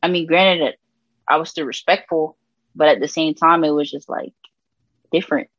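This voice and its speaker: Woman from Puerto Rico, deep voice, candid slangy storytelling, dry muffled recording. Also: fairly even intonation, normal speed, fairly bright tone, no echo. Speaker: gospel rapper and interview guest. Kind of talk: candid conversational testimony.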